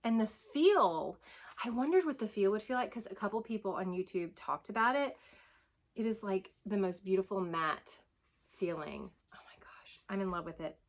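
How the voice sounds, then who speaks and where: A woman chatting casually as she unboxes a gift at home, gushing, breathy and often dropping to soft whispers. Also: medium pitch, expressive, moderate pace. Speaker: vlogger unboxing a gift box.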